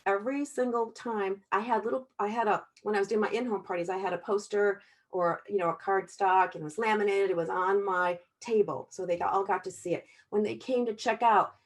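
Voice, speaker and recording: A woman's voice: mid-range voice, fairly even intonation, brisk. A middle-aged woman giving a heartfelt motivational sales talk over a video call, chatty and often checking in with "okay?". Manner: chatty, tags sentences with "okay?" and "all right?"; heartfelt, gets emotional at times. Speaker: Tupperware sales consultant presenting to a team.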